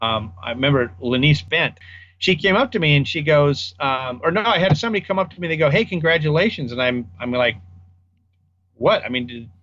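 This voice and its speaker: A man's voice: a little high, animated, a little fast, fairly bright tone, muffled recording, slight background noise. An older man, a guest audio designer, casually telling rambling anecdotes in an interview and acting out the people he quotes.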